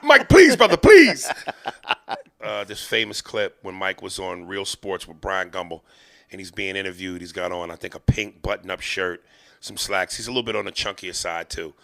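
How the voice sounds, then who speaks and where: A man hosting a podcast, spinning comic stories with lots of swearing and acting out the characters in them. His voice is gravelly, with a bright, forceful edge. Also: low voice. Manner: animated, profane, acts out the people in his stories. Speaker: podcast host. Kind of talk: comedic storytelling.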